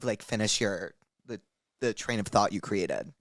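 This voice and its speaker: A man's voice: fairly low pitch, measured pace, a bit bright, no echo. A man hosting a podcast in casual chat, gushing and rambling, with "like" in nearly every phrase. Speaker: podcast host.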